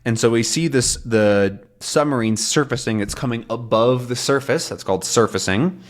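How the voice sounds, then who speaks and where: A man teaching English in a relaxed way, explaining words simply and often checking that learners follow him. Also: mid-range voice, normal speed. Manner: animated, checks in often with questions.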